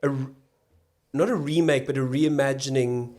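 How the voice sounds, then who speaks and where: A South African man, an actor and comedian, talking as a podcast guest in a thoughtful, halting way, often restarting his sentences. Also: medium pitch, fairly even intonation, a little mellow. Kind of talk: casual podcast conversation.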